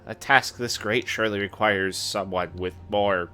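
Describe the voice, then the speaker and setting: A man's voice: lowish voice, steady tone, normal speed, pushed and bright, clear, resonant tone. A man voicing a pompous elderly male cardinal in a fantasy game, with haughty, scolding archaic speech. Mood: condescending.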